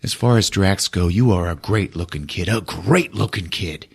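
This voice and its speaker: A man voicing a weary, gruff human castaway speaking tenderly to an alien child. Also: deep voice, animated, normal speed, exaggerated voice.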